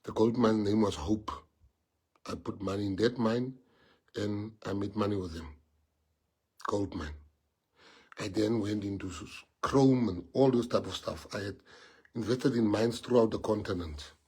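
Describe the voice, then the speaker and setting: A man's voice: on the low side, a little slow, long pauses, dark tone, breathy edge. A South African man whose first language is Afrikaans, giving an emotional, rambling livestream address to party members and piling up rhetorical questions.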